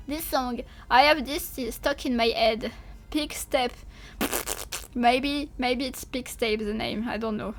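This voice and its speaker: Silly high-voiced girl streamer, slow drawly chat, swears a bunch, kinda sleepy. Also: soft background music. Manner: playful, silly, swears often, talks to chat. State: sleepy, yawning. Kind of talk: casual livestream chat.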